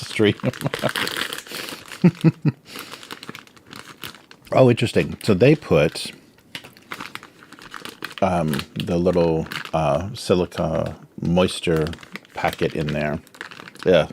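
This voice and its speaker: Deep and slightly mellow, this man's voice comes with a bit of background noise as he runs a relaxed drawing stream. The cartoonist snacks while speaking with his mouth full, rambling through fillers and chuckling frequently.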